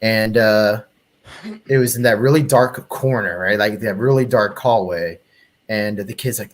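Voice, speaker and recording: A man's voice: fairly low pitch, normal speed. A man telling a story in casual podcast chat, swearing freely and acting out what people said. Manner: animated profane storyteller, acts out quotes. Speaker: panelist.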